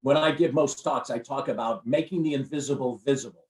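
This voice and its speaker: A man's voice: medium pitch, brisk. Man giving a pumped up motivational talk, lots of repeating himself, echoey room and kinda far off. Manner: preacher-like, repetitive, emphatic. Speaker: guest, recruiting firm CEO and speaker. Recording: roomy, off-mic sound.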